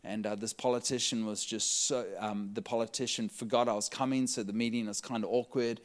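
A man delivering a sermon with lively storytelling. His voice sits in an ordinary middle pitch, and he laughs often and lifts his voice as the excitement builds. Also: fairly quick. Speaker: preacher. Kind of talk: sermon storytelling to a live audience.

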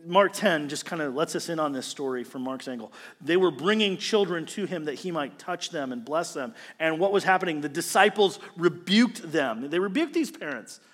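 A male pastor preaching a sermon, animated, swinging between loud emphasis and quiet, earnest passages. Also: on the high side, normal speed, in a large hall.

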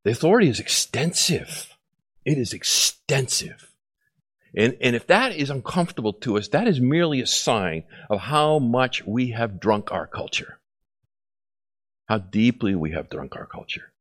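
A pastor delivers a sermon with an animated, sing-song delivery, his pitch rising and falling widely. He explains passages steadily and slips briefly into playful exchanges between children and parents. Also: moderate pace. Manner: animated preaching, mimics voices of children and parents.

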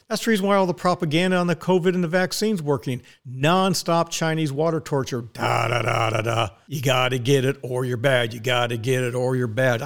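Male podcast host, blunt and profane, weary, slightly raised pitch, studio mic. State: tired. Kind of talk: casual monologue. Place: recording studio.

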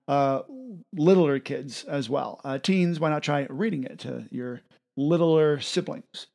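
A man hosting a self-help podcast, talking casually and retelling a children's story with animated energy. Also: a little high. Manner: upbeat, animated storytelling with quick bursts. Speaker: podcast host.

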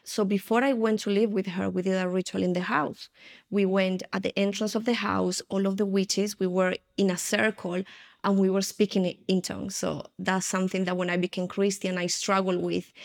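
A woman's voice: mid-range voice, level tone, moderate pace, creaky. A woman giving an earnest personal testimony in an interview, retelling her past with frequent restarts.

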